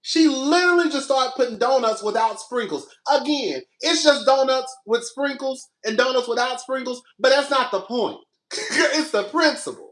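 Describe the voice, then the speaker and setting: A man's voice: very high voice, normal speed, a bit bright, echoey room. A young man telling a story in a casual rant, sassy, exasperated and profane, with dramatic delivery. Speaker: podcast host.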